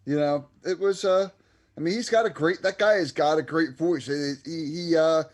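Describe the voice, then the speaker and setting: A man's voice: on the high side, moderate pace. A man co-hosting a livestreamed talk show in casual chat. He is loose and easygoing and makes crude jokes. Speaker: co-host.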